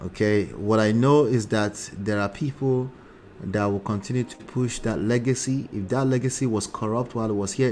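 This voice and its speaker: A man with a blend of Nigerian and New Jersey accent hosts casual commentary in a somewhat low voice. He is chatty and keeps checking in with rhetorical asides. Faint noise sits under the recording. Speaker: relationship talk host.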